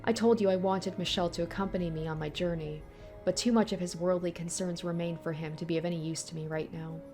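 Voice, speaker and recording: A woman's voice: on the low side, steady tone, quick pace, a little mellow, faint music behind, natural voice. A woman reading as a cool, mocking witch. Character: mysterious calm female witch who grants curses. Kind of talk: reading a visual novel aloud.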